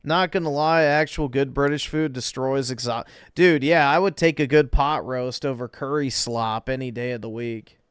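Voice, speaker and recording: A man livestreaming, reacting casually to videos with slow, blunt, sardonic remarks. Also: medium pitch, clear, resonant tone, dry recording, studio quality.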